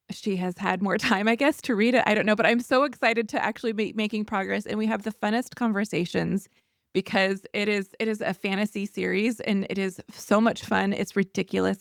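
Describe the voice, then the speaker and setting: A woman's voice: medium pitch, creaky, no room sound, studio quality. A woman hosting a faith-based interview podcast, chatty and enthusiastic as she welcomes her guest. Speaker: podcast host.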